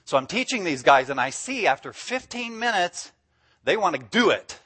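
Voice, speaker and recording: A man's voice: high voice, big pitch swings, moderate pace, pushed and bright, husky. A man preaching as a guest speaker, enthusiastic and emphatic, often breaking into laughter. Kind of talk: sermon.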